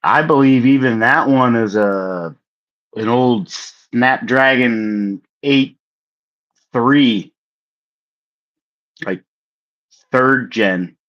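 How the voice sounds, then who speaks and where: A man's voice: mid-range voice, drawn-out words, long pauses. A young man co-hosting a casual livestream, talking loosely with casual swearing. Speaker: co-host of a livestream. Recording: slightly dull lo-fi sound.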